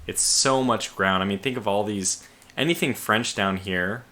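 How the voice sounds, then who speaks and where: A man with a lowish but bright, forceful voice talks through a strategy game at his desk. He thinks aloud, restarts his sentences and sounds a little sleepy, stifling yawns. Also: normal speed. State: sleepy, yawning. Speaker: let's play host. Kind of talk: casual game commentary.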